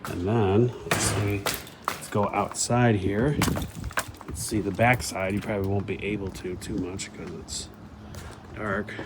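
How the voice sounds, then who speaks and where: A low-key man gives short, quiet remarks in a home vlog, his fairly low voice picked up from across the room. Loud background noise sits heavy over him. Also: steady tone, unhurried. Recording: noisy, off-mic from afar.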